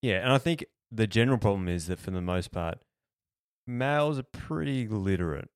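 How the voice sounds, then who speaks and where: A man with a fairly low voice co-hosts a podcast in a relaxed way. He makes dry, understated jokes and reads out questions from listeners. The sound is close and dry. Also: normal speed, smooth, no echo. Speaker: podcast co-host. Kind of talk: casual chat.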